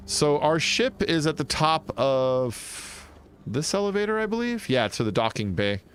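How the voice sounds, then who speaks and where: A male gaming streamer giving casual let's-play commentary. He rambles in a chatty way, his pitch rising and falling a lot, with light game music in the background. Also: lively intonation, a little slow, fairly bright tone. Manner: chatty and rambling, with frequent fillers and laughs.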